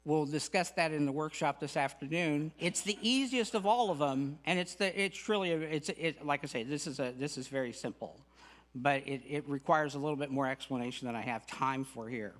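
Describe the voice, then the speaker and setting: A man's voice: a little high, brisk, fairly bright tone. Earnest middle-aged man giving a spiritual talk. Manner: earnest, folksy, with humorous asides. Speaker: guest speaker. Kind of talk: spiritual lecture. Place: spiritual center sanctuary.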